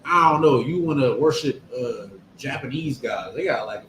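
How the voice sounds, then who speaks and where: A man's voice: medium pitch, expressive, moderate pace, fairly bright tone. Guy being blunt in a casual religious chat, roomy sound, a little hiss. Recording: echoey room.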